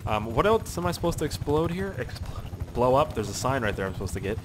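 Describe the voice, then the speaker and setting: A young Canadian gaming YouTuber rambles through casual gameplay commentary, cursing constantly and yelping and shouting at the game. His medium-pitched voice is very animated and a touch fast, with background noise behind it.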